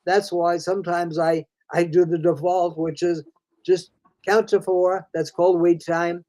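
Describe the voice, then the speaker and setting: A man's voice: high-pitched, level tone, a little slow, darkish tone, rough recording. An older man, a reading specialist, explaining in a folksy conversational way, calling the listener "friend" and restarting his sentences often.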